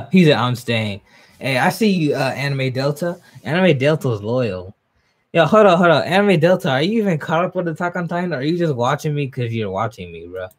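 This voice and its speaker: A young man live-streaming a manga reaction, reading aloud, laughing often and talking to his chat. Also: a little fast. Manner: excitable, laughs often, jumps up in pitch when hyped.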